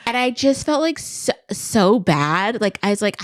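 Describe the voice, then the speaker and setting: A woman's voice: on the high side, lively intonation, normal speed, few pauses, dry recording, studio quality. A woman in her forties co-hosting a podcast, telling a rambling, self-deprecating story in a casual chat full of "like". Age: 40s. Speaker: podcast co-host.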